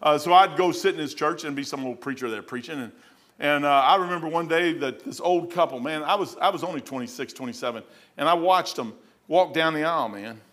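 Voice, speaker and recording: A man's voice: fairly high pitch, brisk, fairly bright tone. A middle-aged man preaching, telling a story in a rambling way with many restarts. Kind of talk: sermon storytelling.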